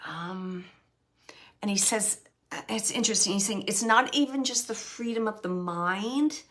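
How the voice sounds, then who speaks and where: Bright-voiced chatty woman medium. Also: medium pitch, a little slow. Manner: chatty, laughing, relays spirit messages. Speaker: psychic medium. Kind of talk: live medium reading to an online audience.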